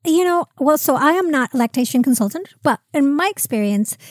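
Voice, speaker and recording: A woman's voice: high-pitched, animated, brisk. A woman hosting a podcast, answering a guest's question in a practical, reassuring way. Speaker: podcast host. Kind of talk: conversational interview.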